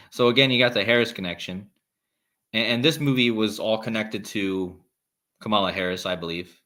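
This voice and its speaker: A man's voice: on the low side, normal speed, sharp tone. A man hosting a casual live stream, rambling with restarts and reading viewer comments aloud. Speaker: livestream host.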